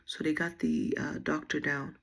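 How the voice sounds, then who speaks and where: A young woman with a drawl talks straight to her viewers, telling a story in a casual, animated way and acting out what everyone said. Her voice sits low, with a husky, gravelly edge. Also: normal speed. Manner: chatty, animated retelling with quoted dialogue. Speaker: vlogger.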